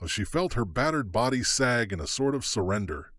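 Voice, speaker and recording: A man's voice: mid-range voice, big pitch swings, moderate pace, fairly bright tone, no echo. A man narrating an audiobook thriller dramatically, his pacing shifting with the action. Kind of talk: scripted narration.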